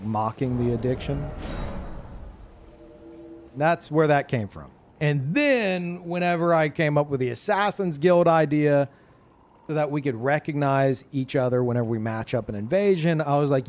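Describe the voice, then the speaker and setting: A man's voice: medium pitch, measured pace, pauses often, a little mellow. Rambling young man streaming to chat. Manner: rambling, lots of fillers and restarts. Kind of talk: casual chat to a live chat.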